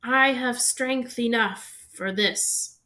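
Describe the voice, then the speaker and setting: A cold, menacing dark wizard voiced by a woman reading aloud draws his words out slowly and softly, with a hissing edge. He sits a little higher than an ordinary man's voice and speaks in a storybook manner. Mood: commanding. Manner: slow, soft, hissing delivery.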